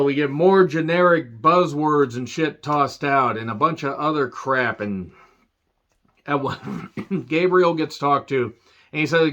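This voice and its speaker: A man's voice: mid-range voice, a bit bright, lo-fi sound. A man giving a casual, profane movie review rant, sarcastic, with laughing asides. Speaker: film reviewer.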